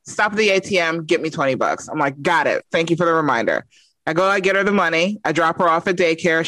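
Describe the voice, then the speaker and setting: A woman's voice: fairly low pitch, no echo. A mother telling a story about her young daughter in a casual chat, acting out both sides of the dialogue. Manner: expressive, acts out the dialogue. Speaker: mother, podcast guest.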